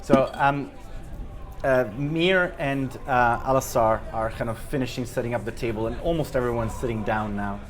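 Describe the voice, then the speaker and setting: A man's voice: medium pitch, moderate pace. A man running a tabletop game as game master, narrating with hesitant fillers.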